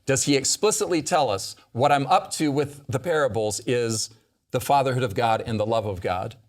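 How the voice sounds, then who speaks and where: A man's voice: medium pitch, normal speed. A man hosting a Bible discussion, teaching with emphatic stress as he quotes scripture. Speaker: host leading a Bible study discussion. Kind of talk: animated teaching in a round-table talk.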